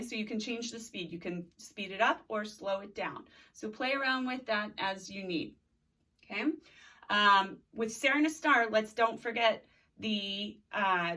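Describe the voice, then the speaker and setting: A woman's voice: medium pitch, bright, forceful tone, distant mic. A woman in her thirties, a teacher leading a recorded video lesson, drilling words and prompting students to repeat after her. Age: 30s. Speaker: Spanish teacher.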